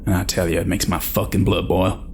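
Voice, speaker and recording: A man playing a brash, rough-talking male space crewman who swaggers in ungrammatical slang. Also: low voice, little pitch movement, a little fast, a little mellow, slight background noise. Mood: scheming.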